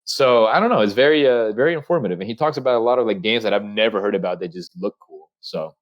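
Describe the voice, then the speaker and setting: Young guy rambling, kinda low voice, dull lo-fi mic. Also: quick pace. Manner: rambling, lots of fillers and restarts. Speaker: podcast co-host. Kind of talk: casual chat among friends. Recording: muffled lo-fi mic.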